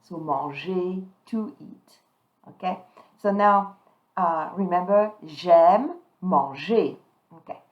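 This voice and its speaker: Woman teaching pronunciation. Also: on the low side. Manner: slow, emphatic modelling of French words. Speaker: French teacher. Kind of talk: pronunciation lesson. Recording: dull lo-fi sound.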